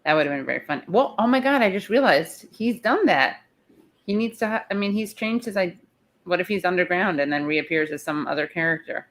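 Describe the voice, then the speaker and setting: A woman with a low voice hosts a casual live chat. She sounds tired and rambles, circling back and breaking off her own sentences as she thinks aloud. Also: lively intonation, a little fast, fairly bright tone. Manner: chatty, rambling, self-interrupting. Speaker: show host. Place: in the city, not her usual spot.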